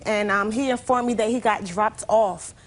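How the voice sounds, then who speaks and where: A woman's voice: mid-range voice, normal speed. A woman in her twenties testifying as a plaintiff, telling her story animatedly with lots of "like". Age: 20s. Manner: animated storytelling, heavy use of "like". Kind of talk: courtroom testimony.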